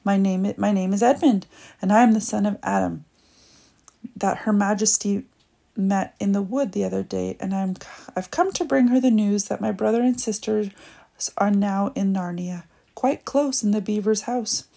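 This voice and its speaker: A woman's voice: fairly high pitch, brisk, vocal fry, warm tone. A woman voicing a frightened young boy who trembles and stammers as he pleads with a queen.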